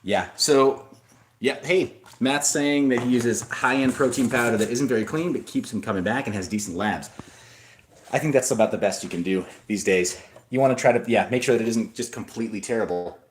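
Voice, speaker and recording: Brief: casual male streamer, mid-pitched, loose and rambling, reading out comments from chat. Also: brisk, a little hiss or hum. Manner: rambling, with frequent restarts and asides. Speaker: livestream host.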